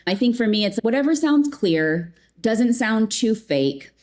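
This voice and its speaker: A woman in a customer experience role, chatting casually as an interview guest, animated and acting out little quotes. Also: on the high side, a little slow.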